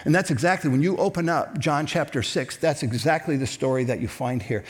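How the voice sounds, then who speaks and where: Middle-aged guy preaching in church, fairly high voice, chatty and lively, goes quiet for emphasis. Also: a little fast. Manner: conversational and animated, drops to hushed tones for emphasis. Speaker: pastor. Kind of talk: sermon.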